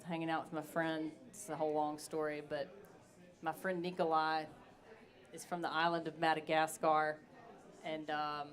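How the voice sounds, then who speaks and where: A woman's voice: sits low, level tone, normal speed. A woman singer-songwriter, talking candidly and bluntly between songs on a live stage. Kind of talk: between-song stage talk.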